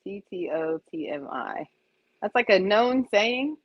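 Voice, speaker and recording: A woman's voice: mid-range voice, animated, measured pace, dry recording, lo-fi sound. A woman host chatting casually, curious and asking question after question. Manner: curious, quizzing. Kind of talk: casual chat.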